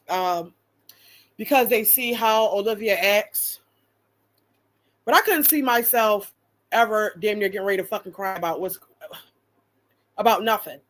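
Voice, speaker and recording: A woman's voice: mid-range voice, fairly bright tone. A woman streamer giving blunt, profane live commentary and reading out chat viewers' names. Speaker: reaction streamer.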